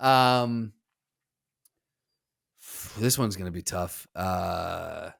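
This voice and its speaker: A man's voice: mid-range voice, animated, normal speed, fairly bright tone. A man co-hosting a casual podcast, guessing playfully with lots of hesitation and casual swearing. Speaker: podcast co-host.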